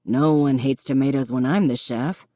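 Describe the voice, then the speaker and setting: A woman's voice: rumbling low, moderate pace, no room sound, studio quality. Woman voicing a patient young man teaching cooking. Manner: patient, encouraging, gently instructive.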